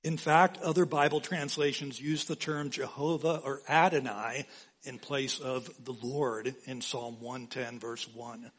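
A man preaching a sermon as pastor, slow and emphatic, repeating key phrases for weight. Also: mid-range voice, fairly even intonation, a bit bright, slightly rough.

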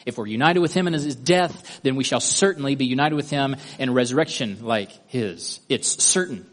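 A man's voice: mid-range voice, moderate pace. Methodical male Bible teacher. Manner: methodical, guiding listeners step by step through a drawing. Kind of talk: Bible study lesson.

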